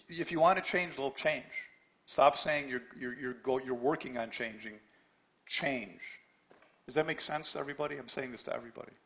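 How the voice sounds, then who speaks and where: A man's voice: medium pitch, a bit bright. A man teaching a trading lesson to a live online class, blunt and challenging, often tagging "right?" and stammering on restarts. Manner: talks straight to students by name, pushy and challenging. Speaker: trading instructor.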